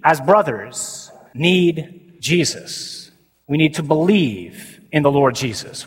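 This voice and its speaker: Animated priest preaching in a hall. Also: male voice, a little high, husky. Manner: animated, shifts from loud emphasis to slow quiet declarations. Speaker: Catholic priest. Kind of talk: sermon to a men's conference. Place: large conference hall. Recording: reverberant conference hall.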